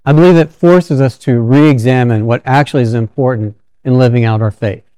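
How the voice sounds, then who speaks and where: Male preacher, mid pitch, smooth clear voice, dry close sound, casual storytelling sermon delivery. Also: a little mellow, dry recording. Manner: conversational storytelling with frequent restarts.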